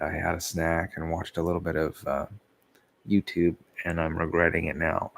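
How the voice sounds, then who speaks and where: A man's voice: deep voice, gravelly. A tired, sleepy man rambling casually in a vlog, yawning, losing his thread and chuckling at himself. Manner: meandering, loses his thread, laughs softly at himself. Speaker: vlogger.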